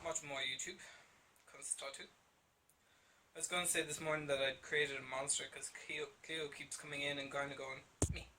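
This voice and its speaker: A man's voice: fairly high pitch, level tone, normal speed, pushed and bright, slight background noise. A man with a Dublin Irish accent, chatting casually to camera at home in a rambling, self-deprecating way. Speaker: vlogger.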